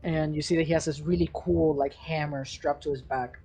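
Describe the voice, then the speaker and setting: A man's voice: on the high side, steady tone, brisk, mellow, husky, soft background music. A man narrating as game master, rambling with lots of fillers and restarts.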